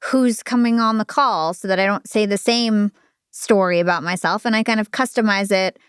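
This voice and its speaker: A woman's voice: mid-range voice, moderate pace, smooth, dry recording, studio quality. A woman podcast host thinking aloud in a reflective, casual way, with frequent "like" fillers. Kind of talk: casual interview chat.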